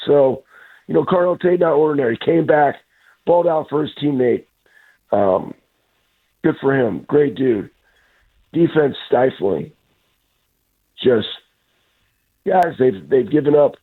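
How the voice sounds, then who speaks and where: A man's voice: mid-range voice, animated, slow, long pauses, breathy edge. Ranting man on a tinny phone line. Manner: blunt, ranting, trash-talking. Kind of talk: fired-up sports talk.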